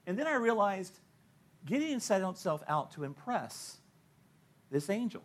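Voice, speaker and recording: A man's voice: high voice, sing-song, moderate pace, long pauses. A middle-aged male pastor preaching a sermon, telling stories and acting out the people he quotes, often laughing at his own points.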